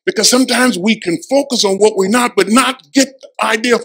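A man preaching a sermon as pastor in a church, emphatic, dropping to a hush and rising again, repeating lines for effect. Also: sits high, brisk, few pauses, breathy edge, low-quality recording. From Florida. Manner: emphatic preaching, swings from hushed to loud. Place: church sanctuary.

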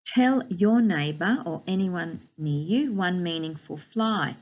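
A woman teaching a recorded phonics lesson to young children, giving slow, clear, encouraging instructions and drawing out each sound. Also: fairly low pitch, expressive, a little mellow, muffled recording. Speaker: primary school teacher.

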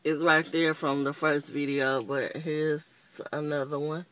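A woman's voice: low voice, fairly even intonation, measured pace, a bit bright. A woman in her twenties giving a casual, rambling makeup review, openly annoyed and chatty. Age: 20s. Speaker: beauty vlogger.

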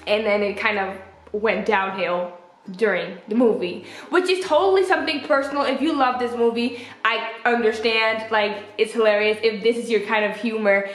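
A young adult woman chatting casually as a vlogger, animated and expressive as she retells things. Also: normal speed. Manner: chatty and animated, acts out quotes with pitch jumps. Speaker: vlogger reviewing a film. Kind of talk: casual chat. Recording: echoey room.

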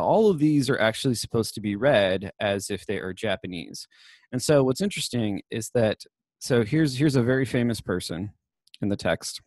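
A man's voice: on the low side, darkish tone, no echo. A young man giving a casual university lecture on literature, chatty and full of fillers and self-corrections.

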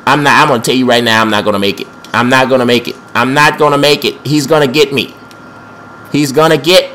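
A man's voice: medium pitch, very animated, fairly quick, fairly bright tone, a little hiss or hum. A young man giving panicky, trash-talking commentary while playing a wrestling video game, with speech. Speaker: gameplay commentator. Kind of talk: excited let's-play commentary.

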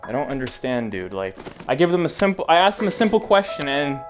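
A man giving jokey, rambling gameplay commentary who breaks into panicked shouts. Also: a little high, big pitch swings, fast talker, faint music behind. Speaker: VR gaming YouTuber.

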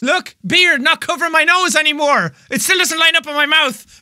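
A man giving energetic gaming video intros, with a shouted, manic catchphrase delivery and playful, joking asides. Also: very high voice, normal speed, hardly any pauses, no echo.

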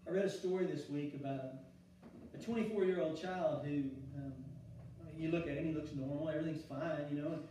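High-voiced pastor preaching in echoey church. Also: male voice, steady tone, a little fast, a little hiss or hum. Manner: swings from loud exclaiming to soft hushed delivery, with repeated restarts. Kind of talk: sermon. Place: church sanctuary. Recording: very echoey church room, mic at a distance.

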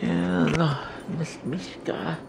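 Man, gravelly voice, slow and rambling, home vlog, noisy camera audio, keeps breaking off to coax his dog in a high voice. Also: fairly even intonation. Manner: talks to his dog in a high coaxing voice between rambling updates. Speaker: vlogger. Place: home indoors. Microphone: handheld camera.

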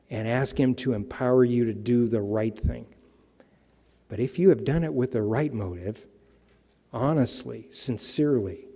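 Slow-speaking male pastor in a reverberant hall. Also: medium pitch, dark tone, slightly rough. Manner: slow, measured preaching, reading scripture aloud. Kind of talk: sermon.

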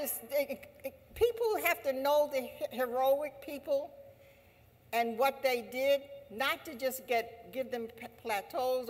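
Woman, rally speaker, passionate, repetitive cadence, higher voice, long hall reverb. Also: unhurried. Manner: fervent, repetitive, preaching cadence. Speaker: speaker at an anti-imperialist assembly. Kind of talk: impassioned rally speech. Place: large hall.

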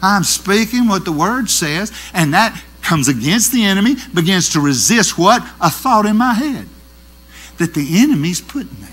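Animated middle-aged preacher. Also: male voice, high-pitched, normal speed, slight background noise. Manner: animated storytelling, shifts from loud to hushed. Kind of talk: sermon.

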